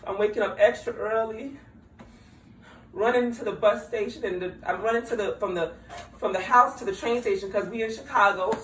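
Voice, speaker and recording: A speaker in an impassioned, conversational speech, slangy and quick to laugh mid-sentence. The voice sits at a middle pitch and comes across roomy and a bit distant. A faint ambience hums behind. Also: a little hiss or hum. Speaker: political speaker.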